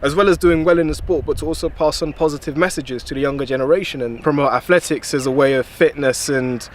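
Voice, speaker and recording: A young man answers viewer questions to camera in an easygoing, lightly humorous way. His voice sits a little high for a man. Faint traffic murmurs behind him outdoors. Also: fast. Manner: relaxed storytelling with light humour. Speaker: athlete vlogger. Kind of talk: casual direct-to-camera Q&A.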